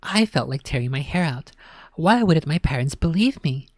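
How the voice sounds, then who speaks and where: A woman narrating a spooky children's book in a dramatic reading, often dropping to a hush. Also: deep voice, lively intonation, moderate pace, dry recording, studio quality. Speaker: storyteller.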